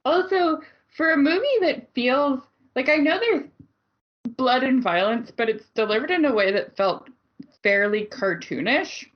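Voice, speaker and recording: A woman's voice: high voice, lively intonation, unhurried, dull audio. A woman co-hosting a podcast, recapping a movie in a casual, blunt way and laughing often. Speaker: podcast co-host.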